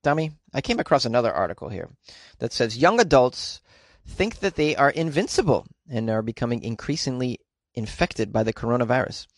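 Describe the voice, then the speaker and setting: A man's voice: mid-range voice, very animated, fairly quick, no echo. A man from California giving casual news commentary, sarcastic and incredulous, with rambling asides. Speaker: commentary host.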